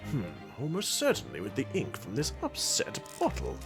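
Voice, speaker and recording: A man voicing a pompous British gentleman detective in a put-on British accent, speaking grandly and theatrically. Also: medium pitch, wildly swooping pitch, moderate pace, over music. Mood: musing.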